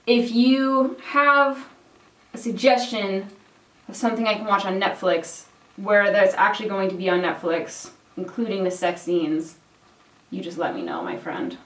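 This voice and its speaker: A woman's voice: medium pitch, measured pace, a bit bright, far from the mic. Chatty Canadian woman in an echoey room. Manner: chatty, lots of "like" fillers, swears casually. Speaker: beauty vlogger. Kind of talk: casual chat while doing makeup. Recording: roomy sound, mic set back.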